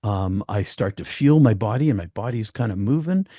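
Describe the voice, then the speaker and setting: A man telling a personal story as a podcast guest, halting and repeating words as he goes. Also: fairly low pitch, lively intonation, warm tone, dry recording, studio quality.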